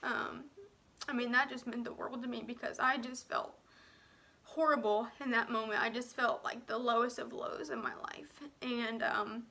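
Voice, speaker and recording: Young woman's bright, tearful storytelling. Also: on the high side, steady tone. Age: young adult. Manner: halting, soft, often dropping to a near whisper; frequent "um" and "like" fillers. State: emotional, on the edge of tears. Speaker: vlogger telling her own story. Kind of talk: personal storytelling vlog.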